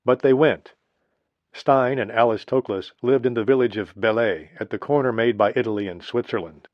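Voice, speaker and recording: A man narrating a history audiobook in a steady, measured reading. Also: mid-range voice, no echo. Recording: dry, slightly dull lo-fi recording.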